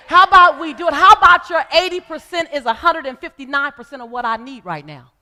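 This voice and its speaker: A woman's voice: high-pitched, bright, forceful tone. A middle-aged woman giving a motivational speech on stage, with an emphatic, repetitive preaching cadence. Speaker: motivational speaker. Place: stage before a live audience. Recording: long hall reverb.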